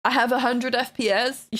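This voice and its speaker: Chatting casually with her live chat, a woman streamer speaks at a normal speed in a slightly high voice. She teases viewers bluntly and playfully, swears without holding back, and breaks into excited shouts and laughs.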